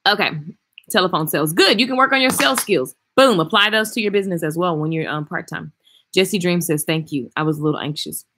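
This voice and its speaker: A woman hairstylist chatting casually and frankly on a livestream, reading and answering viewer comments with animated swings in loudness. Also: fairly low pitch, fast, noisy background. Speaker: hairstylist and vlogger. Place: traveling, indoors.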